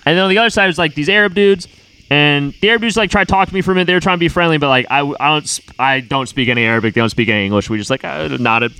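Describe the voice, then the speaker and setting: A man's voice: on the high side, very fast, sharp tone, smooth, poor audio. A man telling a long, rambling anecdote in casual chat, laughing mid-sentence and repeating words. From United States.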